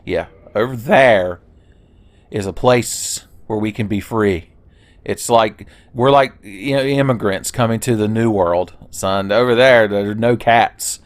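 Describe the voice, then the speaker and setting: Joking, low-voiced gaming commentator. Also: male voice, a little slow, no echo. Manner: rambling, joking asides, frequent swearing. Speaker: let's play host. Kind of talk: casual gameplay commentary.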